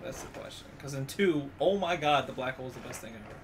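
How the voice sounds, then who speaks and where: A man's voice: mid-range voice, animated, quick pace, background noise. A young man playing a game on stream, chatty and asking questions as he goes. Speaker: player at the controls. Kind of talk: casual gaming banter.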